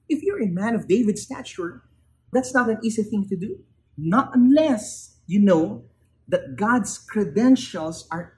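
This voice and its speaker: A man's voice: darkish tone, slight background noise, poor audio. Emphatic man preaching. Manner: emphatic, builds to raised peaks then drops low. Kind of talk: sermon.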